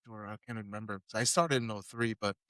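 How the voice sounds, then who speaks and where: A man's voice: fairly low pitch, steady tone, fast, bright, forceful tone, dry recording. A man hosting a podcast, mostly chiming in with short agreements and brief remarks in a casual interview. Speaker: podcast host.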